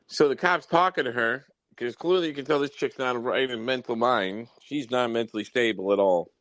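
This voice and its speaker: A man hosting a podcast, telling wild work stories in a casual, profane, animated way. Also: mid-range voice, fairly quick, hardly any pauses, no echo, poor audio. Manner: profane, animated storytelling with mock exasperation. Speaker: podcast host. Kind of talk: casual storytelling chat.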